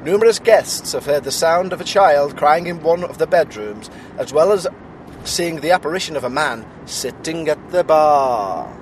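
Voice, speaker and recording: A jokey man hosts a ghost-hunting road-trip vlog, reading out haunted local lore and chatting between bits. His voice sits a little high. Faint road noise hums underneath. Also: animated, moderate pace. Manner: jokey and playful. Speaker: vlogger and ghost-hunt host. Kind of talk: casual chat and reading out notes. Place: moving car.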